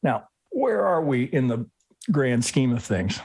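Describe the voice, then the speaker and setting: A man's voice: mid-range voice, very animated, unhurried, darkish tone, husky, no echo. Man thinking aloud over trading charts. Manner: rambling, thinks aloud, tags lines with "right?"; frequent restarts and self-corrections. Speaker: trading instructor hosting a live chart review. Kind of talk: live screen-share chart analysis.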